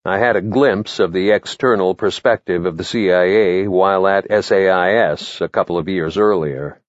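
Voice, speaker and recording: Low-voiced guy reading his memoir, calm and matter-of-fact, dry kinda dull sound. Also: normal speed, no echo. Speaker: memoir narrator. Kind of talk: first-person memoir reading.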